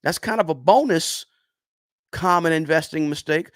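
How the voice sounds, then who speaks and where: A man's voice: fairly high pitch, moderate pace, dry recording, clean studio sound. A man giving personal finance advice to camera in a casual, emphatic way, repeating words for stress and often checking in with "right?".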